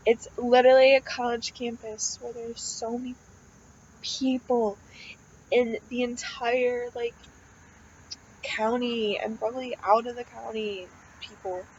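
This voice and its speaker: Young woman venting, higher voice, lo-fi. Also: fairly even intonation, measured pace, slight background noise. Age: young adult. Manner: rambling, swears often, heavy use of "like" and fillers. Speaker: college student vlogger. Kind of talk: casual venting monologue.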